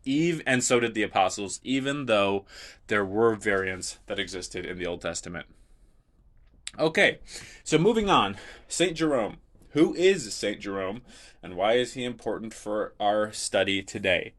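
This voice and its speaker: Low-voiced man teaching a Bible lesson. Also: fairly bright tone. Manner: explanatory, emphatic when quoting scripture. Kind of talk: recorded lesson lecture.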